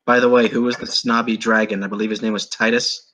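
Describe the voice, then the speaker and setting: A man playing a smug, snobby male dark warrior in a tabletop game, talking down with a smirk. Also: lowish voice, little pitch movement, fast. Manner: smirking, condescending.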